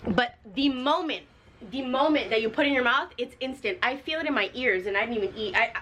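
A woman's voice: a little high, expressive, fairly quick, bright, forceful tone, slight background noise. A young woman co-hosting a casual home vlog, bantering and teasing playfully at a table. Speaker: vlogger co-host.

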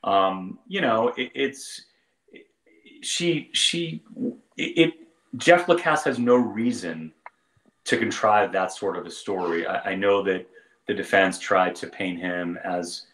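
A man giving legal commentary as a panel guest, halting and repeating words as he reasons through a point. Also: sits low, a bit bright, reverberant, poor audio.

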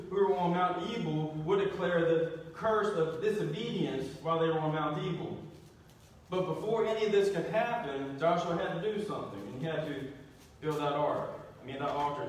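A man's voice: sits high, a little hiss or hum. A man preaching a sermon as pastor, talking in a conversational way, asking the congregation questions and restarting with repeated words. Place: church sanctuary. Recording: echoey church, distant mic.

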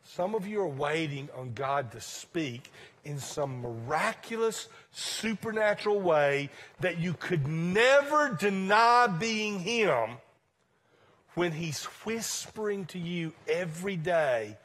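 A male pastor with a high, light voice delivers a sermon to a church congregation. He preaches slowly and deliberately, in a conversational yet emphatic way, swinging between raised points and hushed asides. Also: lively intonation. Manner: conversational, emphatic preaching with sudden drops to quiet.

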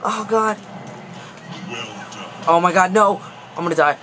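A young man giving excitable, panicky commentary over a fighting game, pleading and yelling at it. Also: high-pitched, moderate pace, long pauses. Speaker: gaming video host. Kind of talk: gameplay commentary. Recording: noisy background.

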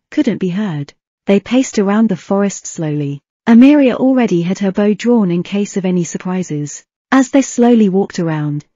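A woman narrating a fan fiction audiobook with a steady reading pace and an occasional slip. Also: medium pitch, no room sound, muffled recording.

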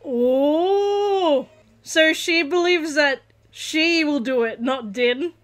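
A woman hosting a reaction video, excitable, often laughing and shouting as she reacts. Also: sits high, drawn-out words.

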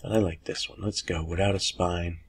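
A man hosting a casual screen-recorded software tutorial, folksy and chatty with lots of "okay"s. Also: sits low, steady tone, normal speed, slight background noise. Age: older. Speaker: tutorial host.

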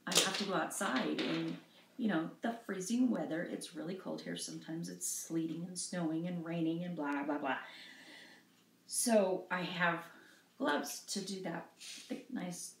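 A middle-aged woman with a low, gravelly voice talks through her supplies at home, chatty and self-deprecating. She trails off and laughs often, and the room around her rings with echo. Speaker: craft vlogger showing cross-stitch supplies. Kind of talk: casual rambling show-and-tell.

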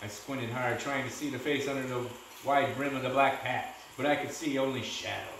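A man's voice: medium pitch, moderate pace, recorded from a distance, slight background noise. Man reading a storybook aloud in an echoey room. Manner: steady, with small restarts.

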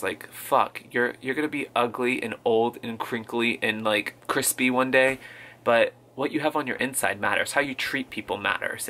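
A man's voice: mid-range voice, pushed and bright. A man giving a casual movie reaction on his vlog, gushing, campy and freely swearing. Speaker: video blogger. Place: at home.

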